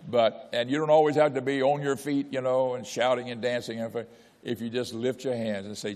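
A man's voice: on the low side, little pitch movement, fairly quick, a little mellow, in a large hall. An older man preaching a sermon, exhorting with repetition and telling folksy personal stories. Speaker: pastor.

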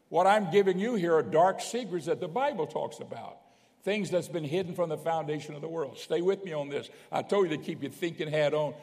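A bishop preaches a sermon emphatically in a fairly high voice, stumbling into restarts and often checking that the congregation is following. The recording carries a long hall reverb.

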